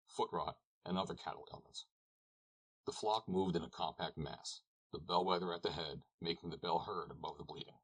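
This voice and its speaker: A man narrating an audiobook, reading calmly and evenly. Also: sits low, husky, rough recording. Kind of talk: scripted narration.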